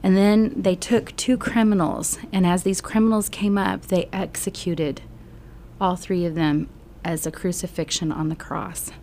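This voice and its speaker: Bible teacher lady, earnest and slow, drops to whispers a lot, warm darkish voice, faint hiss. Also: on the low side, steady tone. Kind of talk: emotional Bible storytelling lesson.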